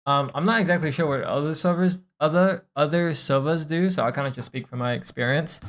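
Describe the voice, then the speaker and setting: A young man streaming, casually reviewing gameplay and coaching, relaxed and thinking aloud with lots of fillers and the odd swear. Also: a little high, fairly quick.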